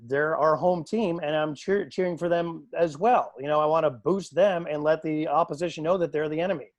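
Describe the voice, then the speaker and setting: A man who works as a PA announcer, telling stories in a lively, casual way on a video call. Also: fairly high pitch, no echo. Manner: animated, acts out quoted voices.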